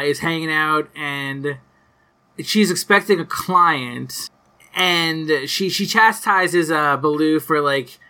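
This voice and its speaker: A man's voice: on the high side, sharp tone. A man co-hosting a podcast in casual chat, rambling with lots of fillers and casual swearing. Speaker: podcast co-host. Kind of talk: casual chat recapping a cartoon episode.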